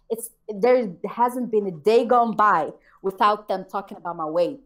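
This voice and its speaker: A woman's voice: medium pitch, moderate pace, hardly any pauses. Profane ranting woman on a chat show. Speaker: co-host of a call-in chat show. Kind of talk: heated casual chat.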